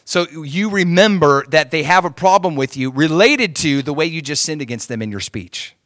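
Preaching man, hushed to emphatic. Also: a little high, moderate pace, no echo, clean studio sound. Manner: animated preaching, swinging between hushed and emphatic; asks the crowd for agreement often. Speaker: pastor. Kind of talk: sermon.

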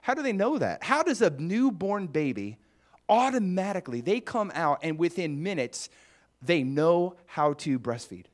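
Male pastor, conversational sermon, animated lilting delivery. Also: a little high, normal speed. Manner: chatty, musing, with asides to the congregation.

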